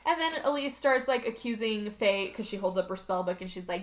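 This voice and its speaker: A woman's voice: medium pitch, brisk, few pauses, a bit bright. A woman co-hosting a podcast, animatedly retelling a movie plot and acting out the characters' lines. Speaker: podcast co-host recapping a movie. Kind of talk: casual chat.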